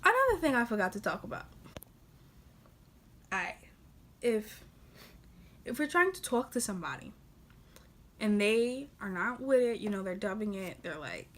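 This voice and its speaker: A woman's voice: medium pitch, sing-song, moderate pace, pauses often, fairly bright tone. A young woman talking to camera in a casual vlog, blunt and exasperated, joking and laughing between points. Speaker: vlogger.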